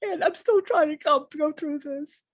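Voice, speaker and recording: A woman co-hosting a live stream, a channeler, rambles emotionally about personal struggles, often restarting sentences and swearing casually. Her voice sits high, her pace is moderate, and there's no echo.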